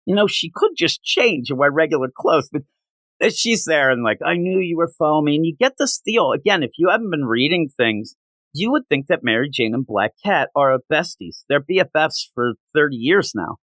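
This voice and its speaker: A man's voice: a little high, very animated, normal speed, fairly bright tone, no room sound. A man reviewing comic books in a casual spoken rant, sarcastic and exasperated.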